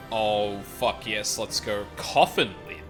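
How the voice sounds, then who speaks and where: A man streaming a video game with casual, excitable commentary and plenty of swearing. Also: on the low side.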